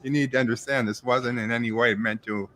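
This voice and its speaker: A man's voice: mid-range voice, fairly even intonation, a little fast, sharp tone, slight background noise. A middle-aged man with a New York accent hosting a live stream, reading viewers' chat messages aloud and answering them casually. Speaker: livestream host reviewing a TV episode.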